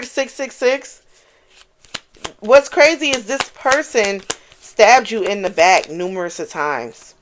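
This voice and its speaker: Casting a woman as a tarot reader: casual, animated, swears freely, hammers points by repeating them. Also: on the high side, slow pace, background noise. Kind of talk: casual channeled tarot reading.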